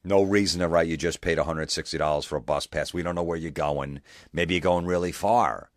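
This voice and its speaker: A man's voice: low voice, fairly even intonation, fairly quick, no echo, clean studio sound. A man hosting a podcast, ranting in a profane, sarcastic way and mocking people in put-on voices. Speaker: podcast host. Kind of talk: comedic rant.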